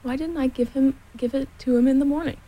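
A woman's voice: high-pitched, fairly even intonation, fast talker, warm tone, voice pushed up, natural voice, rough recording. Christopher Robin, a woman reading as a wistful boy. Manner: earnest and wistful. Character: young boy, earnest and a little sad.

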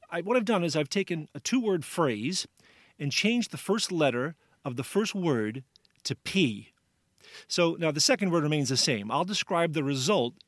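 Animated, jokey radio quiz man. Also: fairly high pitch, no echo. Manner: jokey, sets up puns, laughs often. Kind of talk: playful quiz on a radio talk show.

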